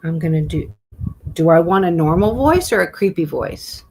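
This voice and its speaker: A woman talks casually on her live stream, blunt and quick to swear. She mutters to herself as she reads text from her phone aloud. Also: lowish voice, animated, a little mellow, slightly rough.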